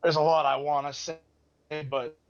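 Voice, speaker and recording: A man's voice: fairly high pitch, level tone, no room sound. Hesitant man, muffled lo-fi sound. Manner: hesitant, halting. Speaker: tabletop game player. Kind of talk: casual game table chat. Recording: slightly dull lo-fi sound.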